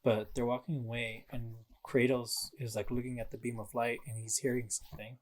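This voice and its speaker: A man's voice: medium pitch, flat delivery, brisk, slight background noise. A man co-hosting a casual podcast, talking through a video game with lots of fillers and laughs. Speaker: podcast co-host.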